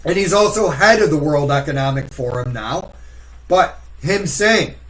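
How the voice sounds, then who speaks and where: A man's voice: on the high side, expressive, normal speed, fairly bright tone, low-quality recording. A man on a casual podcast, talking in a blunt, profane, ranting way.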